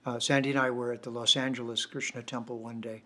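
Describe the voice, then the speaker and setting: An older man, a poet, closes a poetry evening with reflective, devotional words. His voice sits in a middle pitch, and he speaks in an easy storytelling way. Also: flat delivery, fast talker, pushed and bright. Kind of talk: closing remarks at an online poetry night.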